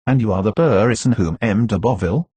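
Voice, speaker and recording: A man's voice: fairly low pitch, dark tone, husky, no room sound. A man voicing a courteous old Italian priest. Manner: affable, measured.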